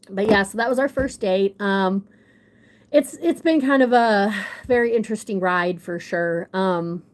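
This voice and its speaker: A young adult woman telling a rambling, self-deprecating story in casual chat on a livestream, with a runny nose. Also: medium pitch. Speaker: livestream guest.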